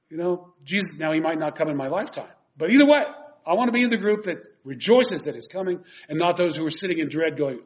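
A man's voice: on the high side, lively intonation, fast, hardly any pauses. Earnest man preaching a sermon, lo-fi. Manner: earnest, emphatic preaching, reading scripture aloud. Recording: dull lo-fi recording.

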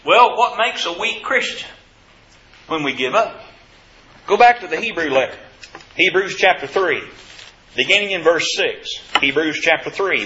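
A man's voice: fairly high pitch, pushed and bright, reverberant, muffled recording. A man preaching a sermon to his congregation, asking rhetorical questions with emphasis.

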